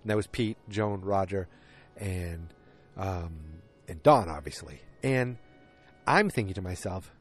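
A man with a lowish voice talks off the cuff outdoors on a windy evening. He rambles and riffs through a recap, jumping into the characters' lines as he goes. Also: expressive, measured pace, breathy edge. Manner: chatty, riffing, acts out characters' lines. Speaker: vlogger recapping a TV episode.

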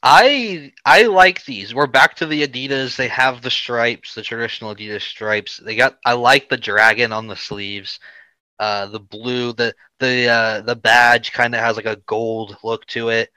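A man's voice: mid-range voice, a little slow, sharp tone, no echo, rough recording. A man co-hosting a casual sports podcast, giving blunt opinions with hesitant fillers. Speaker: podcast co-host. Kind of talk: casual chat.

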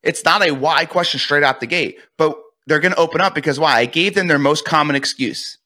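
A man's voice: a little high, a little fast, pushed and bright. A man, a real estate coach, speaking as a podcast guest and energetically acting out sales call scripts.

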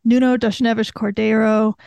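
A woman's voice: fairly high pitch, level tone, moderate pace, gravelly, a little mellow, clean tone, no echo. A woman co-hosting a podcast, playful and self-deprecating in casual chat. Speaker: podcast co-host.

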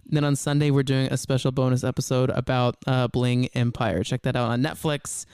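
A man hosting a podcast in casual chat, talking quickly with lots of "like" fillers. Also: mid-range voice, little pitch movement, a little mellow, clean tone, no room sound, clean studio sound. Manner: quick talk full of "like" fillers. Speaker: podcast host.

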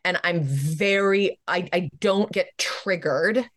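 Animated American woman comedian, dry-sounding. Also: lowish voice, slow, no room sound. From United States. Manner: animated, self-mocking, swears freely. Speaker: guest comedian. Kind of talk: candid podcast chat.

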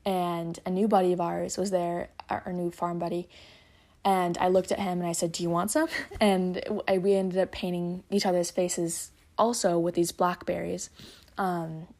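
A woman's voice: lowish voice, level tone, moderate pace, darkish tone. A young woman hosting a podcast, reading from a book and musing about it in a rambling, thoughtful way. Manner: rambling, thoughtful, with fillers and self-corrections. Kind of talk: casual reflective reading and chat.

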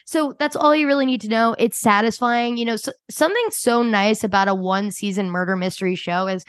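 Chatty woman podcast host, higher voice. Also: brisk, no room sound. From Delaware County, Pennsylvania. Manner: chatty, upbeat, swears casually. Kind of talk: casual podcast chat.

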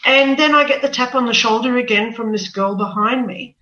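A woman's voice: on the high side, fairly quick, pushed and bright. A woman telling her personal story as an interview guest, earnest and repeating words as she goes. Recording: echoey, distant, dull sound.

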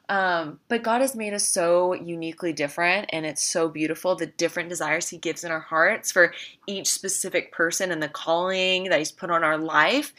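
A woman's voice: fairly low pitch, fairly bright tone. A woman talking casually to viewers about faith, earnest and emphatic, repeating phrases for stress. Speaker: Christian vlogger.

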